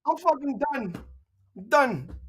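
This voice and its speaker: A young adult with a New York accent co-hosts a live reaction stream in loose, casual talk. The voice swings widely in pitch as it rants, jokes and swears. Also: big pitch swings, slow pace, poor audio. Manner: loud, profane, joking rants.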